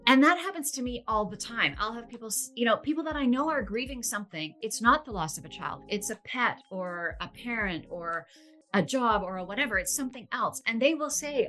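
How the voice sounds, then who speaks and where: A woman's voice: a little high, lively intonation, brisk, sharp tone, soft background music. A woman talking earnestly and expressively as a podcast guest, laughing easily and using fillers like "you know.". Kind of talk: conversational podcast interview.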